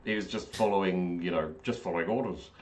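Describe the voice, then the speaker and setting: Deep-voiced guy rambling about the game he ran, lots of ums and restarts. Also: fast, slight background noise. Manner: rambling, with many fillers and restarts. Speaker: game master. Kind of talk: casual aftershow chat.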